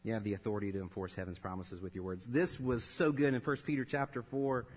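A man in his thirties preaching a sermon, telling a personal story with laughter and animated delivery. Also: lowish voice, quick pace, slightly rough. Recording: long reverb of a large hall.

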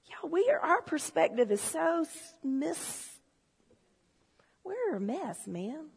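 A woman preaching a sermon in a church, telling stories and swinging from low, confiding talk to shouted excitement. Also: unhurried, creaky, slightly rough. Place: church hall. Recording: long hall reverb.

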